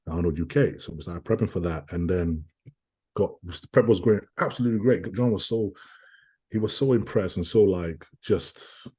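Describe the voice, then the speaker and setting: A young man talks in an interview with a deep, husky voice. His tone is dark and mellow, and he tells his story earnestly. He keeps repeating phrases and acts out other people's words as he goes. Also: normal speed. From United Kingdom. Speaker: guest, professional bodybuilder.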